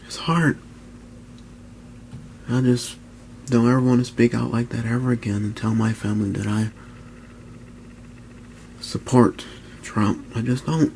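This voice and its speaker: A man speaks earnestly and candidly about his own experience, circling back to the same phrases and leaning on "you know". His voice sits in an ordinary middle pitch. A faint hiss of background noise runs under it. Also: level tone, measured pace, gravelly, pauses often, darkish tone, low-quality recording. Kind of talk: candid personal account.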